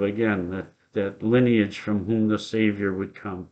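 Slow-spoken gentle male pastor. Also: on the low side, steady tone. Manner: gentle, reflective, storytelling with soft laughs. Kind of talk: Bible study teaching. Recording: dull lo-fi sound.

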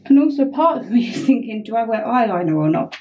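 A woman's voice: on the high side, sing-song, quick pace, darkish tone, dull audio, faint music behind. A young woman chatting through a getting-ready vlog at home, flustered and self-mocking. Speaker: vlogger.

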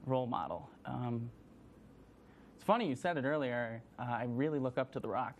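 A man's voice: mid-range voice, animated, normal speed, muffled recording. A young man guest in a casual chat, easygoing and hesitant, giving short answers with ums.

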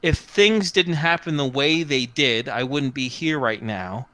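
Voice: mid-range voice, measured pace, a bit bright, dry recording, natural voice. A game master voicing a snooty, skinny young man who scolds primly and sighs with exasperation. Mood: stern.

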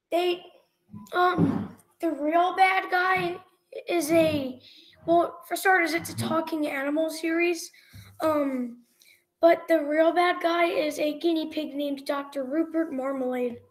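Very high-voiced hesitant female student. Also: low-quality recording. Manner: hesitant, lots of ums.

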